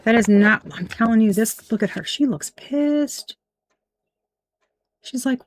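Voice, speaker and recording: A fairly high-voiced woman talks through a tarot spread in a blunt, emphatic way, cursing as she goes. The sound is close and dry, with no room echo. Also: expressive, unhurried, pauses often. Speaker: tarot reader. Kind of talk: casual tarot reading.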